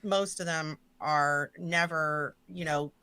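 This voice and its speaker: A woman's voice: low voice, steady tone, slow pace, pushed and bright, smooth, no room sound. Woman, stream host, casual joking chat, swears freely, dry close sound. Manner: chatty, profane, jokey asides to chat.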